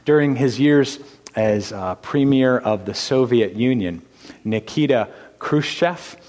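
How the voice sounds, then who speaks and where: Slow-speaking pastor preaching in a reverberant church. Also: male voice, mid-range voice. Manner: dramatic shifts from hushed to loud, rhetorical questions. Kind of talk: sermon. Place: church sanctuary. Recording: long hall reverb.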